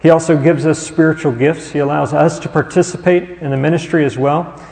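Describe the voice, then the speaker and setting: A man preaching a sermon as pastor, asking the congregation rhetorical questions and slowing down to linger on listed words. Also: on the high side, fairly even intonation, gravelly, darkish tone, long reverb tail, poor audio.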